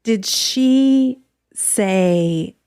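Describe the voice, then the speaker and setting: Slow-talking woman interviewer. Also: mid-range voice, clear, resonant tone, no echo, studio quality. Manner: quiet, attentive listener with brief responses. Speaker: podcast host.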